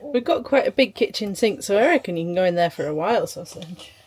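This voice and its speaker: A woman's voice: medium pitch, lively intonation, fast talker, darkish tone. A young woman, a first-time mum chatting casually through a home vlog in her kitchen and often turning to coo at her baby. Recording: home recording with background noise.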